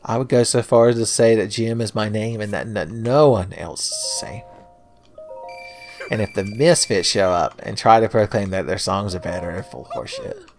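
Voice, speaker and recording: A man's voice: lowish voice, steady tone, normal speed, soft background music. A man hosting a game playthrough in casual commentary, joking profanely and laughing often, close to a home mic. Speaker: let's play host.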